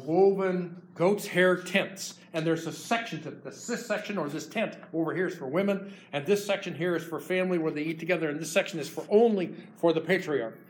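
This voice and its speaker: A preacher retelling a biblical story in his sermon, lively and animated. His voice sits a little high and carries the drama of the scene.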